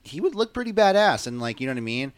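A man's voice: mid-range voice, fast talker, clear, resonant tone, dry recording. A man co-hosting a wrestling podcast, talking in a casual, rambling way with lots of fillers. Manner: animated, rambling, many fillers. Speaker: podcast co-host.

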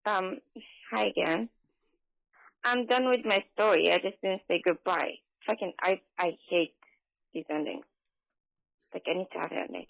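A woman's voice: lowish voice, normal speed, vocal fry, long pauses, no echo. A woman calling in to a show and telling a story over the phone, rambling and full of fillers. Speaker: caller. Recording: dull phone line.

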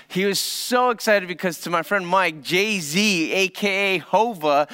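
Man, pastor, high voice, smooth and clear, sermon storytelling, hushed to loud. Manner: storytelling with dramatic pauses and swings from hushed to loud.

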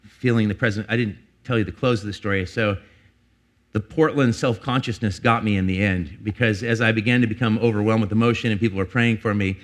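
A middle-aged pastor delivers a sermon, earnest and confessional, building to emphatic peaks before dropping low and personal. He speaks a little fast with fairly even intonation.

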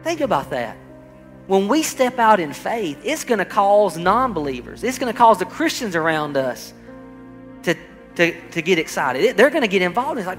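A man preaching in a church hall, his high voice carrying a long echo. He speaks emphatically, calling out to the congregation and acting out the people he quotes. Soft music plays faintly underneath. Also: sing-song, moderate pace. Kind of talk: sermon.

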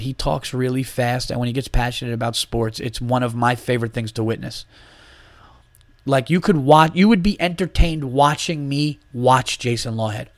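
Blunt and opinionated, a man hosting a podcast rants about basketball with plenty of swearing and many restarts. His voice is mid-range, with no echo.

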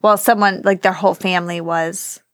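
A woman's voice: lowish voice, steady tone, moderate pace, dry recording, studio quality. A woman co-hosting a casual podcast, chatting wryly while watching a movie, a bit sleepy. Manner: wry, joking. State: sleepy, yawning. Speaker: podcast co-host.

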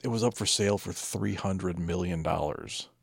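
A man co-hosting a podcast in casual chat, laid-back and profane with deadpan asides. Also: sits low, normal speed, vocal fry, breathy edge, no echo, clean studio sound. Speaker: podcast co-host.

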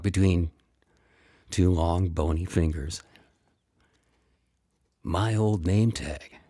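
Low, husky male storyteller, dry sound. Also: dry recording. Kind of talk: first-person spoken storytelling.

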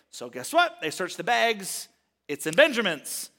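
High-voiced man preaching casually. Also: expressive, fairly bright tone. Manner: retells scripture casually, voicing characters in quick asides. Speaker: pastor. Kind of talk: sermon.

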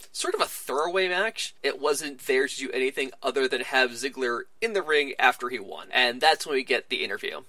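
A man hosting a wrestling podcast, recapping a show in a casual, animated way and acting out the wrestlers' lines as he goes. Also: medium pitch, no echo.

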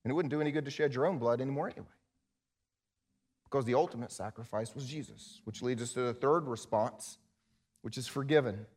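A male pastor preaching a sermon in an animated way, acting out quoted voices, then leading a prayer. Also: medium pitch, a little fast.

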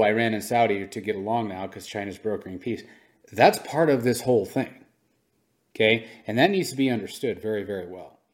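A man co-hosting a podcast, talking through the news in unscripted commentary, animated and conversational, sometimes slipping into mock voices to make a point. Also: mid-range voice. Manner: conversational, fillers and restarts. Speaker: podcast co-host.

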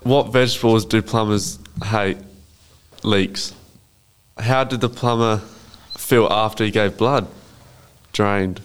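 A teenage man co-hosting a casual student podcast and telling short jokes in a deadpan way. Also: lowish voice, takes it slowly, smooth.

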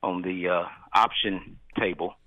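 Nasal caller on a tinny phone line. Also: male voice, deep voice, fairly even intonation, dry recording. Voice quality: nasal from sinus trouble. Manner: rambling, halting restarts. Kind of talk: phone-in sports talk.

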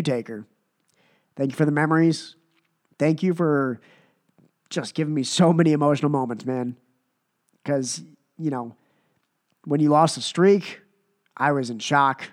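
A man hosting a wrestling podcast who sounds sick and short on voice, giving a rambling, emphatic reaction that builds through repetition. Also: mid-range voice. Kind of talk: casual reaction commentary.

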